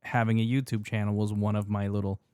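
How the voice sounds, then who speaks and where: A man co-hosting a podcast in casual chat, animated, laughing as he rants, fussy about pronunciation. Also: on the low side, fast, clear, resonant tone, no room sound, clean studio sound. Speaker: podcast co-host.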